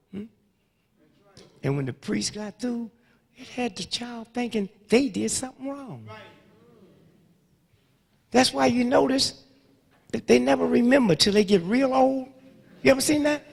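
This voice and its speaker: Man, 70s, fiery lecturer with a husky, fry-edged voice that leaps around in pitch, booming in a reverberant hall. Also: lively intonation, measured pace, long pauses. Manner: sweeping swings between hushed murmurs and loud outbursts, rhythmic call-outs. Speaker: speaker addressing an audience. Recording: long reverb of a large hall.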